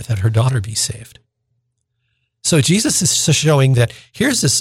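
A man's voice: high-pitched, breathy edge, no room sound. A man, a deacon, explaining the week's gospel on the radio in an informal, plain-spoken way.

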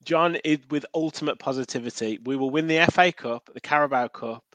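A man co-hosting a relaxed football chat podcast, easygoing and quick to laugh. He is recorded close and dry, with no room sound. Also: mid-range voice, no room sound. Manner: easygoing, laughs often, trails off with fillers. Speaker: podcast co-host.

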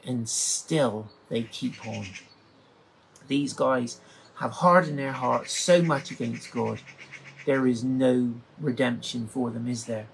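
Male Bible teacher, mid-pitched, emotional and exclaiming, reads passages and reflects on them aloud. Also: slow pace, gravelly, slight background noise, poor audio. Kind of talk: scripture reading with commentary.

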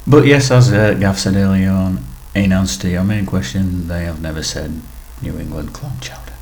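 A man's voice: low voice, normal speed, vocal fry, darkish tone, soft background music. A man co-hosting a podcast and reading listener emails, hesitant and self-deprecating. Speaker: podcast co-host.

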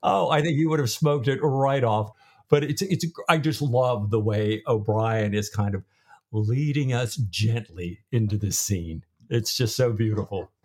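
A man's voice: on the low side, unhurried, darkish tone, husky. A man co-hosting a podcast, animatedly and self-deprecatingly discussing a novel. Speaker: podcast co-host. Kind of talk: casual book discussion.

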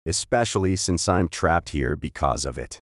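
A man's voice: rumbling low, animated, normal speed, no echo, clean studio sound. A man voicing a stubborn, curious young woman. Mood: insistent. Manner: eager, insistent questioning.

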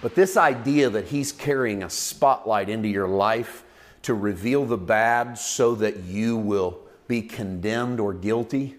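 Animated conversational male preacher. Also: lowish voice, measured pace. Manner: conversational, animated, with acted asides. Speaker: pastor. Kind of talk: sermon. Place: church.

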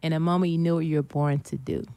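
A woman's voice: low voice, fairly even intonation, fast talker, mellow. A woman guest on a podcast in casual chat, speaking earnestly and motivationally, often repeating her key phrases.

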